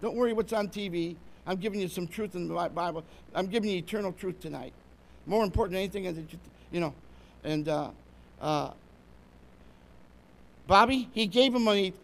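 A man's voice: high voice, brisk, creaky, long pauses, fairly bright tone, slight background noise. A man preaching a sermon with fervour, often checking that the congregation is following along.

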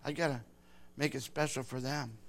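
An older man, a grandfather, rambling through a personal story with halting speech and frequent restarts. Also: mid-range voice, steady tone.

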